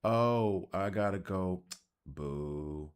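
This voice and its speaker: A man with a deep, low voice and a Southern accent talks his way through a video game. His commentary is loose and rambling, and he keeps laughing at his own odd tangents. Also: extremely slow, clear, resonant tone. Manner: rambling, self-deprecating, chatty. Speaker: gaming channel host. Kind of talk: casual gameplay commentary.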